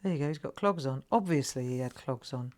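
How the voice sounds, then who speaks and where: A woman's voice: extremely low pitch, animated, fairly quick, a little mellow. A woman in her sixties with a South London accent, chatting and laughing as host of a live craft stream, often tagging her sentences with "right?". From England. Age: 60s. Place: home craft room.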